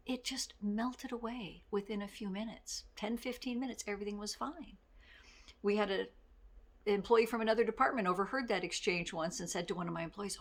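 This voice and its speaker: A middle-aged woman giving a casual motivational talk as a life coach, candid and self-deprecating, with quick laughs. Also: fairly high pitch.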